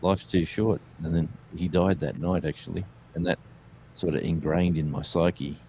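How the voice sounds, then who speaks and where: A man with a low voice and a dark, relaxed tone, chatting as a guest. He tells his stories in a loose, rambling way, full of fillers and restarts. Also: normal speed, slight background noise. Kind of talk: casual storytelling chat.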